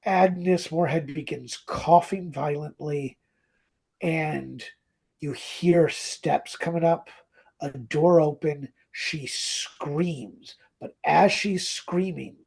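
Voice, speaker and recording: A man with a high, gravelly voice co-hosts a podcast in casual chat. He walks through a story at an unhurried pace, slipping into the characters' lines as he goes. His tone has a slightly husky edge. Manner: animated retelling, acting out quoted lines. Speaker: podcast co-host.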